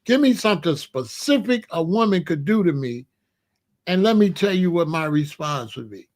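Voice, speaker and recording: Livestream host, middle-aged man, higher-pitched voice, blunt and animated, talks straight to his chat. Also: moderate pace. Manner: animated, blunt, colloquial, asks chat for examples. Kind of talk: casual livestream talk to chat.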